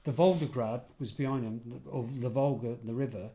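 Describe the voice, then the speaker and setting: A middle-aged English man speaks at an ordinary middle pitch, spinning anecdotes in an easygoing way. He backs up and corrects himself mid-sentence as the story runs on, keeping the tone of a relaxed chat. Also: fairly quick. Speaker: podcast guest, former detective and security head. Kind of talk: casual storytelling.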